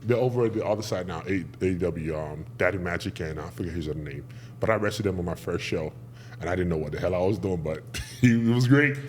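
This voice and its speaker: A man from Nigeria, a podcast guest telling stories in a lively, animated way and acting out what people said. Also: low voice, quick pace, noisy background. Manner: lively, animated storyteller acting out quoted voices. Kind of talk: casual interview storytelling.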